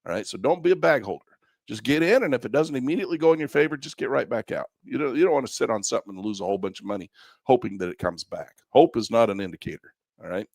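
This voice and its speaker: A man with a gravelly voice teaches a live online trading class in a folksy, repetitive way, with frequent chuckles. His pitch swings up and down with emphasis. The sound is close and dry, with no room echo. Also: lively intonation, fast, darkish tone. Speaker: trading instructor.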